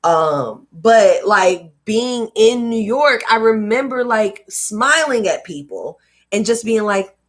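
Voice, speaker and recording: A woman's voice: fairly high pitch, big pitch swings, slow, a bit bright. A woman from North Carolina with a light Southern accent, reading a book aloud on her livestream and breaking off into blunt, swearing asides. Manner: chatty, blunt, swears freely in digressions.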